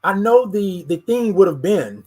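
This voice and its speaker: A host sharing a candid, personal monologue in a husky, slightly breathy voice at a middling pitch. The talk goes straight to the listeners, often calling them y'all, and stutters through repeated words as the thoughts pour out. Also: big pitch swings, a little slow, dark tone.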